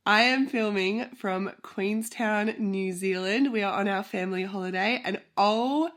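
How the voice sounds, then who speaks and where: A woman's voice: mid-range voice, a little slow, fairly bright tone. A woman in her thirties who has a flu and sounds nasal, chatty and a little out of breath, rambling off on tangents as she hosts a book vlog. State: short of breath from pregnancy. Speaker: book vlogger host. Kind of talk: casual chat.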